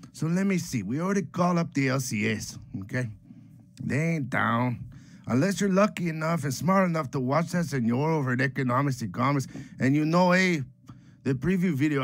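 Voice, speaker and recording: A man's voice: medium pitch, no room sound. A man voicing a boastful, joking streetwise homeboy character who rambles and mixes Spanish slang words into his English, in a comedic character monologue. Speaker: comic book collecting vlogger.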